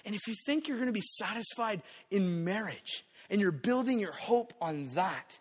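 Preaching a spirited sermon, a pastor with a high voice throws in playful asides and acts out small quotations. The sound carries through a big hall with a long, lingering echo, and he speaks at a normal speed.

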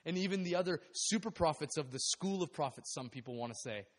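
A man preaching a sermon, animated and acting out the voices of the people in the story. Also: on the high side, fast. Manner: animated, acts out biblical voices. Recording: long hall reverb.

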